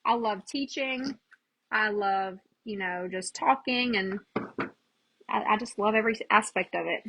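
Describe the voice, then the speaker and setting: A woman's voice: mid-range voice, measured pace, pushed and bright, a little hiss or hum, low-quality recording. A chatty woman, hosting a casual live crafting demo and greeting viewers by name as she works. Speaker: craft livestream host.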